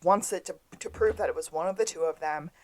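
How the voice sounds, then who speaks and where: Lower-voiced woman telling the story. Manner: storytelling, acts out quotes with drawn-out delivery. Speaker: podcast co-host. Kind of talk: casual episode recap chat.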